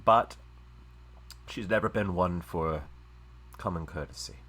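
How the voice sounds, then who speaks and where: A man voicing a courteous, apologetic male humanoid envoy in a live-streamed tabletop game, speaking quietly and in measured phrases. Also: low voice, exaggerated voice. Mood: apologetic, reassuring.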